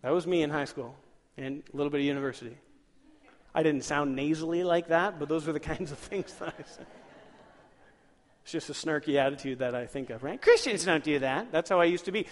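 Male pastor, sermon delivery, higher register, lively and questioning, long reverberant hall sound. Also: brisk. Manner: lively, asks the congregation questions, chuckles.

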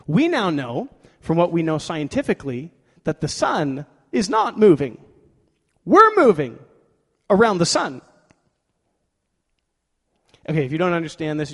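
Guy preaching a sermon, kinda high voice, lively storytelling, big echoey hall. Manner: animated storytelling, acting out quoted voices. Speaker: pastor. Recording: long hall reverb.

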